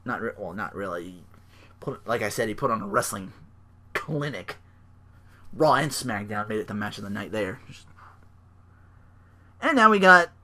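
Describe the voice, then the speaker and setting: A man hosting a casual solo podcast, recapping wrestling with excitement, laughter and quick put-on voices. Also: medium pitch. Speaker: podcast host.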